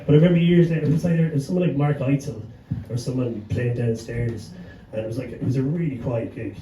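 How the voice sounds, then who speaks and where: A man's voice: medium pitch, fast talker. Irish man telling a sweary story. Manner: swears freely, chuckles through his story. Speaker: panelist, gig promoter. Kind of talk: anecdotal storytelling on a live panel. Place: pub venue with a live audience. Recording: echoey room, mic at a distance, background hum.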